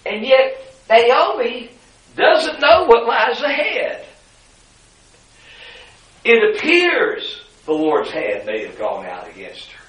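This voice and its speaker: A man preaching a sermon, moving between hushed asides and loud, high-pitched emphasis. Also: sing-song, slow pace, reverberant, low-quality recording. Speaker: pastor.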